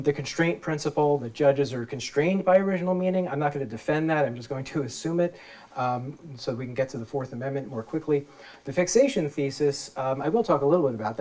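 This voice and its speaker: A man, a law professor, giving a public lecture through a microphone, explaining things plainly and informally for laypeople. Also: medium pitch. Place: event space with a live audience.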